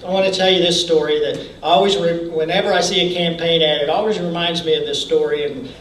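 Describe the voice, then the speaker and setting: A man giving a folksy motivational speech at a campaign training event. He often restarts his sentences and clears his throat. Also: fairly high pitch, steady tone, quick pace, a bit bright, a little hiss or hum. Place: event hall. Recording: echoey hall from far off.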